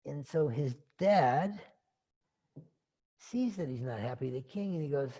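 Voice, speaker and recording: A man's voice: fairly high pitch, expressive, unhurried, long pauses, mellow. A man giving a dharma talk who retells a story in a rambling, conversational way, full of asides and fillers. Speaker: dharma teacher.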